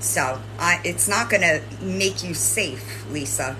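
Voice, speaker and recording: A woman's voice: on the low side, slow pace, pushed and bright, a little hiss or hum, poor audio. A woman host lecturing and scolding someone directly, swearing and tagging her points with "right?". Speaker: commentary channel host. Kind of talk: confrontational commentary addressing a streamer.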